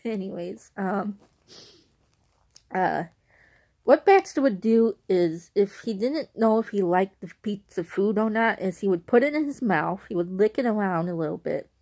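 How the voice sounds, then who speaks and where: A woman's voice: medium pitch, lively intonation, unhurried, mellow. Rambling woman reminiscing to camera. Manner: rambling, with many restarts and asides. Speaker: vlogger. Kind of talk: casual reminiscing monologue.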